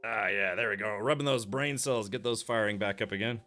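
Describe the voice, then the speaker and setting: A man's voice: fairly low pitch, brisk, sharp tone, faint music behind. A man streaming a video game live, chatting casually, rambling and restarting sentences and answering chat as he plays.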